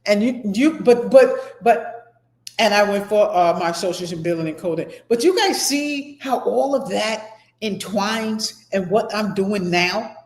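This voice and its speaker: A woman's voice: medium pitch, a little slow. A middle-aged woman instructor giving a motivational talk to her class, emphatic and rambling, often repeating herself. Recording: echoey room.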